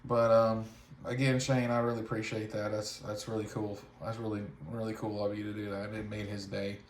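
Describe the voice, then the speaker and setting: Soft-spoken halting man at home. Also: lowish voice, level tone, a little hiss or hum. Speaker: toy collector vlogger. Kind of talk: casual mail-call vlog.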